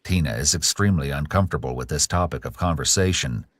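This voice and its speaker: Deep-voiced man narrating true crime. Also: a bit bright. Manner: measured, analytical. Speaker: documentary narrator.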